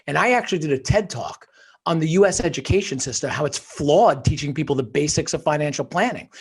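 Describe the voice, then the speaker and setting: A middle-aged man from northern New Jersey, a guest telling his life story in an animated, emphatic motivational way. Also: fairly high pitch, husky. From northern New Jersey, USA. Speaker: podcast guest, author and financial wholesaler. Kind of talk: casual storytelling interview.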